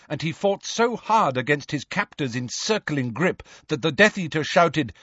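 A man narrating an audiobook in measured, expressive storytelling. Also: a little high, husky, no echo, highs cut off.

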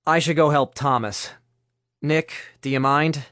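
A man's voice: fairly high pitch, fairly even intonation, a little slow, bright, forceful tone, dry recording, studio quality. A man voicing an earnest, reassuring young man in a spoken story.

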